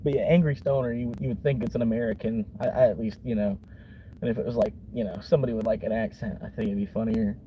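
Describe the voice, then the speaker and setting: A man's voice: lowish voice, steady tone, quick pace, highs cut off. A man from Florida, a vlogger rambling casually from his car, laid-back, chuckling often and swearing easily. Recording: car interior with vehicle noise.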